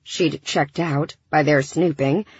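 A woman narrating a science fiction audiobook in a measured, even storytelling manner. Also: sits low, slightly rough, no echo. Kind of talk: scripted narration. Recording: dull dry studio recording.

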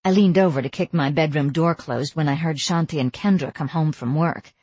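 A woman narrating a first-person audiobook in an even storytelling voice with wry asides. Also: low voice, brisk, slightly rough, no echo.

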